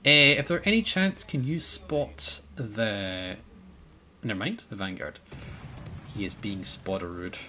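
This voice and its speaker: A man's voice: lowish voice, animated, a little slow, pushed and bright, soft background music. A man streaming a naval battle game, chatting with his viewers and teammates, thanking supporters and laughing often as he plays. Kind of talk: casual gameplay commentary.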